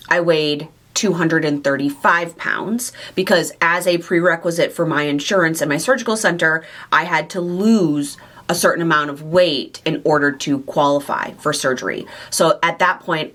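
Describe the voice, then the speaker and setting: A woman hosting a question-and-answer vlog to camera, speaking candidly and warmly about her own weight loss journey and her affection for her viewers. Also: low-pitched. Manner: candid, heartfelt, confiding. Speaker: weight loss surgery coach and channel host.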